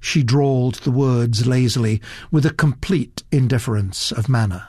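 A man reading a story aloud as narrator, measured and expressive. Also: medium pitch, husky, no room sound, studio quality. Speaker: audiobook narrator. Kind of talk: scripted narration.

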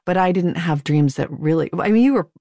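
A woman's voice: fairly low pitch, expressive, brisk, mellow, no echo, clean studio sound. A middle-aged woman hosting an interview, attentive and encouraging with short affirmations. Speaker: podcast host.

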